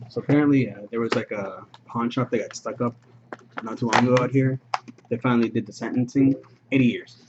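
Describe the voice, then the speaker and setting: A man's voice: mid-range voice, steady tone, brisk. A man hosting a live card break, rattling off player names with casual offhand asides. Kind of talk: casual live-stream chat. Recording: muffled stream audio with noise.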